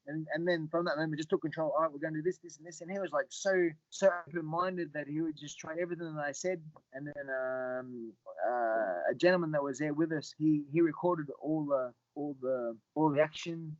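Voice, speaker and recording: Halting man, higher voice. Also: no room sound, muffled recording. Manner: halting, repeats words, animated when quoting others. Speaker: guest, Muay Thai fighter. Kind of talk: casual storytelling interview.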